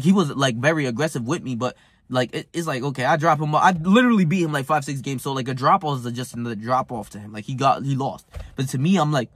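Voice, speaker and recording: A man's voice: medium pitch, breathy edge, no echo, clean studio sound. A man telling a rambling, profane story in casual chat, heated and full of fillers. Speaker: self-improvement vlogger.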